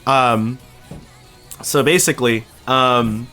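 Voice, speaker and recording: A man's voice: slow, soft background music. A young man from Canada casually telling a story to his stream chat, swearing now and then and acting out quotes. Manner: animated, swears casually, acts out quotes with big pitch jumps.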